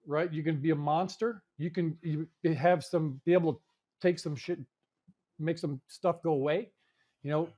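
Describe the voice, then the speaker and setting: A man's voice: fairly high pitch, a little mellow. A man hosting a live in-person event, talking casually in a rambling way, repeating words and swearing now and then. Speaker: show host. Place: indoor venue in front of an audience.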